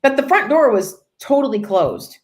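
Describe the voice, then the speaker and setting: A woman's voice: sits high, moderate pace. A woman, a real estate agent, telling a funny work story on a podcast and acting out the people in it. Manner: animated, acts out voices in her anecdote. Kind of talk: casual storytelling.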